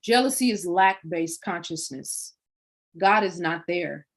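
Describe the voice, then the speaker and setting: A woman's voice: on the low side, a little slow. A woman hosting a livestream, delivering a preachy monologue full of rhetorical questions. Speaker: livestream host.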